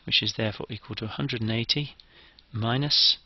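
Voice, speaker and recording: A man's voice: lowish voice, fairly quick, no room sound, muffled recording. A man giving a methodical, step-by-step engineering lecture.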